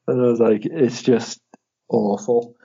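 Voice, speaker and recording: A young man in casual chat, animated, swearing and laughing as he acts out quotes. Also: medium pitch, slightly rough. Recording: dull lo-fi audio.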